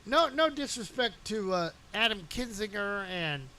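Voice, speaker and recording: High-voiced animated radio host man. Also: unhurried, very noisy. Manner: animated, riffing, chanting and shouting in bursts. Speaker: radio morning show host. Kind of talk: loose on-air banter and ranting. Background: music playing.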